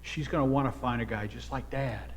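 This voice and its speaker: A man preaching a sermon as pastor, earnest and exhorting, his voice swelling louder when he drives a point home. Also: mid-range voice, steady tone, a little fast, big-room sound, a little hiss or hum. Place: church sanctuary.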